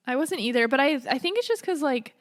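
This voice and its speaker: A young woman co-hosting a casual podcast. She agrees often with quick yeahs and laughs easily. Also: high-pitched, animated. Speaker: podcast co-host. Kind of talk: casual chat.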